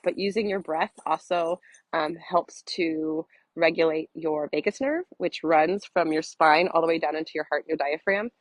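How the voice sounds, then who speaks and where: A woman wellness coach speaks in a low, grounded voice, earnest and reflective. The sound is close and dry, with no room around it. She talks casually to camera while walking outdoors. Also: normal speed, no echo, low-quality recording. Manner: earnest, open and reflective, with restarts. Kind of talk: casual vlog talk to camera. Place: outdoors, walking in an orange grove.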